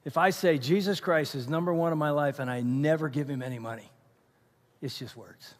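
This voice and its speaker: A middle-aged man preaching a sermon to his congregation, talking in an animated, conversational way with asides to the crowd. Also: fairly high pitch, fast talker. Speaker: pastor. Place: large church auditorium. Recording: reverberant church auditorium.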